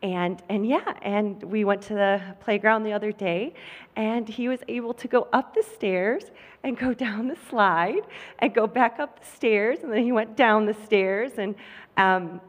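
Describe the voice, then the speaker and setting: A woman guest on a live podcast stage, sharing news about her son, emotional and halting with many ums. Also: mid-range voice. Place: conference stage with audience. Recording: long hall reverb.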